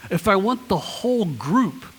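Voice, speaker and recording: Male pastor, higher voice, easygoing preaching, reverb from a big church hall. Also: very animated, a little slow, a bit bright, slightly rough. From Ohio, US. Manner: conversational, chatty preaching with restarts and playful asides to the congregation. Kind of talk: sermon. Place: church sanctuary.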